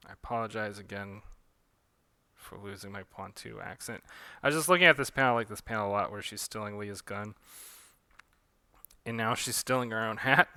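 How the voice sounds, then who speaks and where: A man giving a relaxed, rambling commentary on his own comic, with fillers. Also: fairly low pitch, brisk, smooth, no room sound. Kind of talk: director's commentary read-along.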